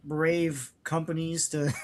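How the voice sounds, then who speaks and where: A man's voice: fairly high pitch, very slow, a little mellow. A man co-hosting a casual comic book podcast, laughing and asking questions. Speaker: podcast co-host.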